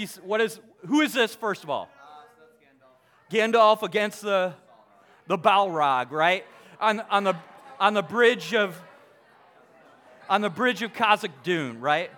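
A young man speaking to a live audience, polling them with quick questions, full of halting restarts, then reading a book passage aloud. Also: high-pitched, a bit bright. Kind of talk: lively talk to a crowd, reading aloud.

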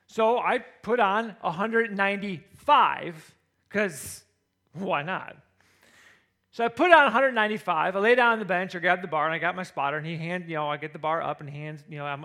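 A man in his thirties tells a funny personal story to a live audience. His voice sits high and sounds bright and forceful. He is animated and acts out his own thoughts and other people's lines. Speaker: speaker addressing a live audience.

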